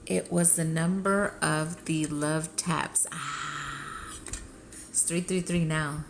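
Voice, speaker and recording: A woman hosting a live spiritual healing session, chanting in light language and then talking softly and emotionally, often laughing. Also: deep voice, fairly even intonation, noisy background. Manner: soft, unhurried and tearfully emotional, often laughing.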